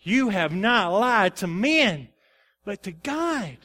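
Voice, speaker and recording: A man's voice: high voice, big pitch swings, takes it slowly, sharp tone. A male pastor preaching a sermon, emphatic and personal in turns. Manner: emphatic, then confessional and subdued.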